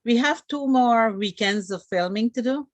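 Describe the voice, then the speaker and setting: A woman's voice: on the high side, moderate pace, dry recording. A woman with a Guyanese accent, a guest actress and comedian, who chats and laughs often in a casual interview. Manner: chatty, laughs often between lines. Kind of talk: casual live-stream interview.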